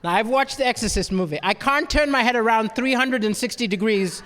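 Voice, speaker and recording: A man's voice: extremely high pitch, fairly quick. A man doing a stand-up comedy set, telling stories and checking in with the crowd. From Malawi. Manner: animated storytelling, asks the crowd "right?". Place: comedy venue stage. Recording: long reverb of a hall.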